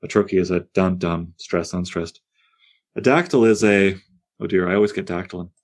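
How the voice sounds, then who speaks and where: Low-voiced man leading a poetry class. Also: fairly quick. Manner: animated, digressive, self-interrupting. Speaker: poetry teacher. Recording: on air class broadcast.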